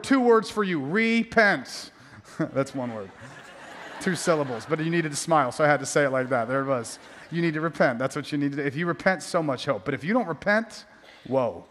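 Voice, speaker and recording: High-voiced male pastor preaching. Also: a bit bright, long reverb tail. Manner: emphatic, repetitive preaching with jokey asides. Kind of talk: sermon.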